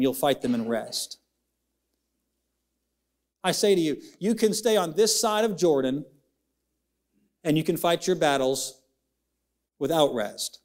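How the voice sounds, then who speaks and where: A young adult man preaching a sermon in a church, rising and falling dramatically, stretching words out for emphasis. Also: a little mellow. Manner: preaching with big swings of pitch, dramatic slowdowns. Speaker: pastor. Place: church sanctuary.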